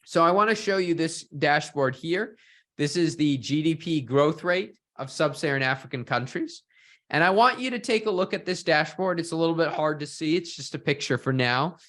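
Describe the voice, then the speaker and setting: A man's voice: fairly high pitch, expressive, moderate pace, fairly bright tone. A man teaching an online workshop, asking questions of his audience and often tagging sentences with "right?". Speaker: workshop instructor.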